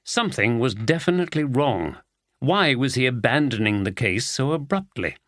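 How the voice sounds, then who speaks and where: A man narrating a mystery audiobook at a medium pitch, telling the story in a steady, even way. He is recorded on a close studio mic in a dry room. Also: normal speed, no echo.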